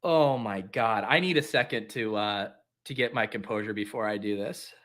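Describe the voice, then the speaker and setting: A man's voice: fairly low pitch, moderate pace, a bit bright. A man hosting a fantasy football show, talking casually and mocking himself as he drafts live and talks to his viewers.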